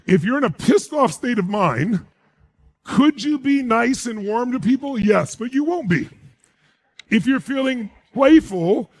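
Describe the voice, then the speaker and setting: A man's voice: extremely high pitch, lively intonation, a little slow, darkish tone. A man giving a live motivational speech to an audience, emphatic and full of rhetorical questions. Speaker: motivational speaker.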